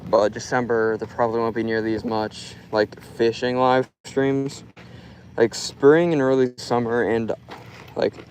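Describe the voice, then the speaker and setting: A man's voice: medium pitch, flat delivery, measured pace, a little mellow, a little hiss or hum, low-quality recording. A young man from Florida chatting loosely through a fishing live stream outdoors, filling his talk with "like". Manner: loose and rambling, full of "like". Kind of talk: casual live stream chat. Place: outdoors by a river.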